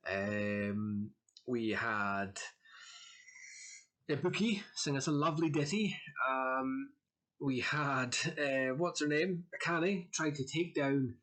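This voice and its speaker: A man's voice: mid-range voice, slow pace, fairly bright tone. A man doing let's play commentary, joking around and reading all the parts of the game himself. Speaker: let's player.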